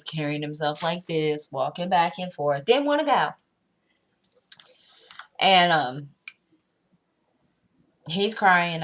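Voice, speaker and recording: A crafting vlogger in her thirties, a mother with a low, somewhat bright voice, casually tells a story at home. She rambles with fillers and restarts and acts out the exchange between herself and her son.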